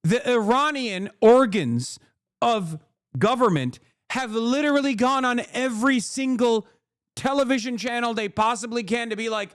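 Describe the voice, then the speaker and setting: A man's voice: extremely high pitch, animated, measured pace, fairly bright tone, no room sound, studio quality. A man in his thirties giving heated, profane political commentary to his chat on a livestream. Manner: ranting, profane, emphatic. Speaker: political streamer.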